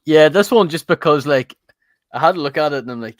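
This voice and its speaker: A man co-hosting a casual chat, talking in a relaxed way. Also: on the high side, brisk, dry recording, clean studio sound. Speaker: co-host.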